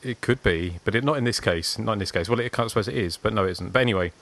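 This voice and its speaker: A man's voice: lowish voice, rapid-fire, a bit bright. A man from Surrey with a slightly posh southern English accent, casually chatting as a podcast co-host and rambling through stories. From Surrey, England. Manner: meandering, self-deprecating storytelling. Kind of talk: casual chat.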